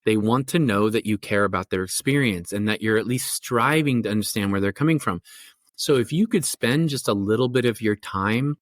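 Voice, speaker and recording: A man's voice: fairly low pitch, fairly quick, no echo, studio quality. A middle-aged man, a family therapist, explaining his ideas in a podcast interview with thoughtful, rambling speech full of fillers and restarts. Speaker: family therapist and parenting coach.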